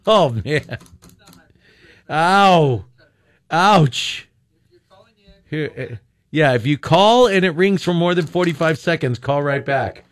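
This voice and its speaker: A man's voice: fairly high pitch, lively intonation, takes it slowly, long pauses, dry recording. A male radio host taking calls, cracking jokes and laughing often. His voice rises and falls a lot. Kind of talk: call-in radio banter.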